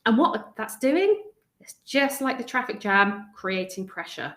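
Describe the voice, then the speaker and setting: A woman's voice: fairly high pitch, sing-song, unhurried, fairly bright tone. A woman, a stress coach giving a live video talk to an online group from her home, chatty and prone to digressing and interrupting herself. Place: home room indoors, windows rattling in a storm. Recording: echoey room.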